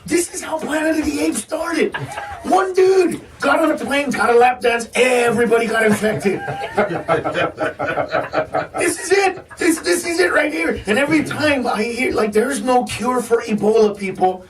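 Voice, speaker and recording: Male comedian guest, high voice, animated rants, off-mic studio sound. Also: measured pace, far from the mic. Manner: animated, ranting, stammering restarts. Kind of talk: casual radio chat. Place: radio studio.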